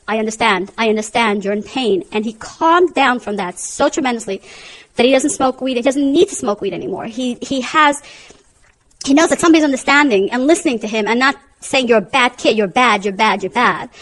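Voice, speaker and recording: Heard on a poor-quality recording, this slightly high-voiced woman shares heartfelt personal testimony about being a mother. Her storytelling is emotional and earnest, circling back over the same points again and again.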